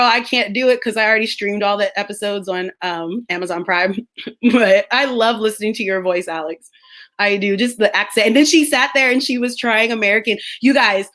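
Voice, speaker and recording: Bright, chatty woman live streamer. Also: a little high. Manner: chatty, laughs often, drifts between topics while reading chat. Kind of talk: casual live stream chat.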